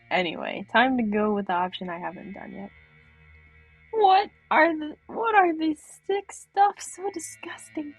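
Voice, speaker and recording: Husky young woman streaming a game. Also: lowish voice, low-quality recording. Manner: animated, laughs and reacts loudly. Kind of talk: live game playthrough, reading text aloud.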